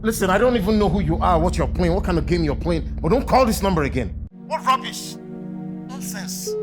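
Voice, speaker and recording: A performer playing a defensive dismissive husband. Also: female voice, fairly low pitch, expressive, a little fast, lightly acted. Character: defensive husband brushing off questions. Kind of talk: Nollywood film acting. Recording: film soundtrack with music behind.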